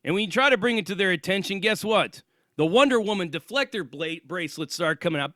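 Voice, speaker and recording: A man's voice: high voice, lively intonation, fast, pushed and bright, no echo, clean studio sound. A man hosting his own channel, delivering an angry, profane and sarcastic ranting monologue. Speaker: channel host.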